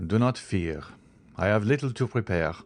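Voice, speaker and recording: A man's voice: lowish voice, lively intonation, moderate pace, darkish tone, natural voice. A man reading an earnest young viscount.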